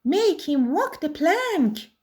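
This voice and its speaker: A bossy pirate captain from a storybook snaps out orders in a slow, barking voice. The pitch jumps up and down, as a woman reads him aloud. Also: lively intonation, vocal fry, a bit bright, heavily acted. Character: gruff male pirate chief, bossy.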